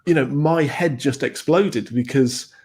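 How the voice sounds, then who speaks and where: A man from England with a mid-pitched voice chats on a webcast about a story he is working on. He tells it in a relaxed, self-deprecating way over a video-call mic. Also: measured pace. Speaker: guest correspondent. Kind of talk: casual webcast chat.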